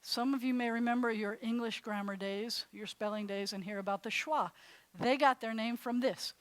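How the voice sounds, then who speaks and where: A woman rabbi teaching a live class, chatty and animated, laughing at herself as she demonstrates sounds. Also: fairly high pitch, moderate pace, no room sound. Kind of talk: classroom lesson. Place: congregation classroom.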